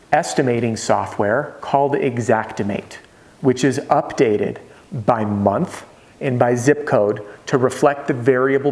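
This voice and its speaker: A man's voice: medium pitch, a little mellow. A man in his thirties giving a sales training talk straight to camera. His delivery is punchy and conversational, with a mid-range voice. He often slips into little role-played exchanges with customers. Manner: punchy, conversational, acts out dialogue with homeowners.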